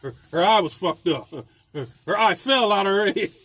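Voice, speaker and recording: A man's voice: high voice, expressive, normal speed, a bit bright. A man, a landlord, telling a rambling, profane story about a tenant in a casual vlog, laughing often.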